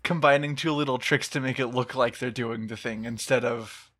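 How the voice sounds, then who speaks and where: A man's voice: medium pitch, fairly even intonation, normal speed, fairly bright tone. A man co-hosting a podcast, recapping episodes and chiming in with sarcastic asides in casual chat. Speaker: podcast co-host.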